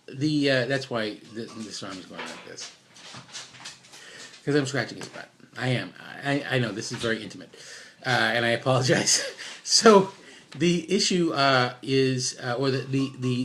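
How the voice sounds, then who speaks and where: A man's voice: mid-range voice, fairly bright tone, a little hiss or hum. A middle-aged man at home giving casual life advice in a rambling, unscripted way, full of fillers and restarts and self-deprecating asides. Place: at home with his dog.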